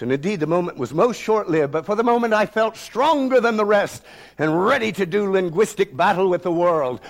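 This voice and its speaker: Man, 60s, theatre director, dramatic storytelling, declamatory, slightly high voice, stage talk. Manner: dramatic, declamatory, sweeping shifts in loudness. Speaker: theatre director and solo performer.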